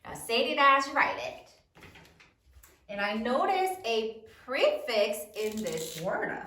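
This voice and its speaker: A woman teacher walks young students through spelling, stretching each word out slowly. Her voice is bright and clear, with a lively, sing-song rise and fall. She sounds a little away from the mic in an echoey room. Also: a little high, recorded from a distance, a little hiss or hum. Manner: slow, deliberate dictation with drawn-out words. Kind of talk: spelling lesson for third graders.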